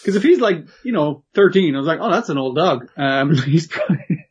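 A man's voice: a little high, animated, fairly quick, breathy edge. A man co-hosting a casual podcast about a cartoon series, laughing often and swearing as he acts out quotes. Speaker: podcast co-host. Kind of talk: casual anime review chat.

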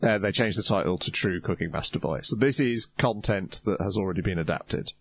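A man on a podcast explaining things in a measured, casual way. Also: deep voice, slightly rough. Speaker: podcast co-host. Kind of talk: casual chat.

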